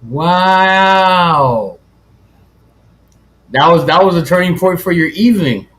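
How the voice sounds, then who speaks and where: A man's voice: sits high, slow, fairly bright tone. A man co-hosting a casual podcast, mostly reacting to and hyping up the other host. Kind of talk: casual chat.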